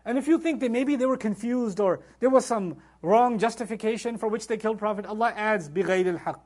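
Fast, high-voiced man teaching scripture. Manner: animated, rhetorical, quotes Arabic verses. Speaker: Quran teacher. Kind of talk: religious lecture on scripture.

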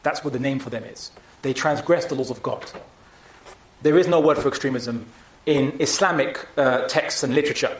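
A man's voice: medium pitch, normal speed, reverberant. A man giving a public talk and taking audience questions, speaking emphatically with frequent restarts.

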